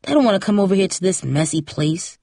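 A woman's voice: mid-range voice, expressive, quick pace, gravelly, dark tone, slightly rough, no room sound, clean studio sound. A woman voicing a hurt, resentful teenage girl who pleads and mumbles sulkily. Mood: sulky.

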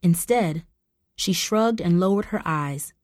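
A woman's voice: fairly low pitch, takes it slowly, a little mellow, no room sound. Woman narrating a story in a dry voice.

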